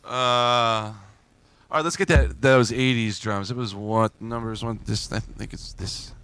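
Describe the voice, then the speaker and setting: A man's voice: mid-range voice, fairly even intonation, unhurried, a bit bright, smooth. A man hosting a live music request stream, chatting casually and rambling as he reads and answers viewers, often laughing. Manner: laughs often, loose and joking. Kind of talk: casual live-stream chat between songs.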